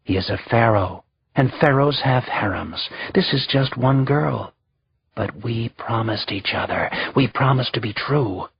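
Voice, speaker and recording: A man's voice: mid-range voice, unhurried, gravelly, lo-fi sound, a little hiss or hum. A man voicing a proud, wounded young queen who speaks with resentful dignity.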